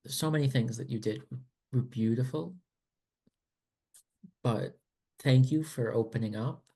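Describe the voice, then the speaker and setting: A man speaks slowly and thoughtfully as he praises his fellow players after a tabletop game session. His tone is appreciative and unhurried. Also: medium pitch, creaky, dark tone, husky. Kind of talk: casual post-session feedback.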